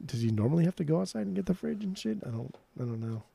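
A man co-hosting a casual music podcast, ranting and swearing freely in an animated way. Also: fairly high pitch, rapid-fire, creaky, slight background noise. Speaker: podcast co-host.

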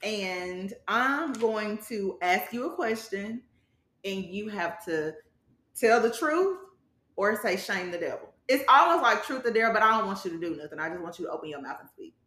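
A woman's voice: medium pitch, expressive, moderate pace, bright, forceful tone. A woman hosting a casual podcast chat, playful and laughing often. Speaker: podcast host. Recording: echoey room.

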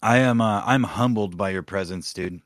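A podcast co-host with a fairly low voice chats casually at normal speed, launching into profane, rambling rants full of swearing and asides. The recording is dry and studio quality.

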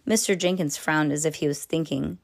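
A woman's voice: sits low, fairly quick, creaky. Woman reading a children's story aloud. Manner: reads with small slips and restarts, casual asides.

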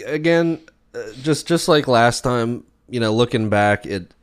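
Reflective man, calm co-host. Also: medium pitch, a little slow, clean tone. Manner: agreeable, reflective, frequent "right" interjections. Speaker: podcast co-host. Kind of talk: casual chat.

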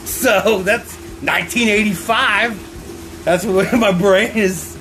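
A man from Oklahoma in relaxed casual chat, laughing often and filling his talk with "like". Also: sits high, slow, over music, rough recording. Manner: laid-back, laughs often, lots of "like".

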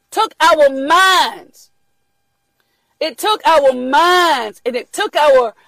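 An older woman delivers a preaching motivational talk in a very high, gravelly voice. She is emphatic, repeats her points and often breaks into shouts. The sound is dry and close. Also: dry recording, rough recording. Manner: emphatic, repetitive, bursts into shouting.

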